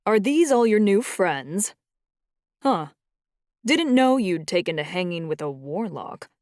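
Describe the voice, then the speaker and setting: A woman voicing a booming, playful middle-aged male dragon-shifter uncle who teases and scolds. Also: very animated, takes it slowly, darkish tone, dry recording, clean studio sound. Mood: teasing. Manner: teasing, scolding.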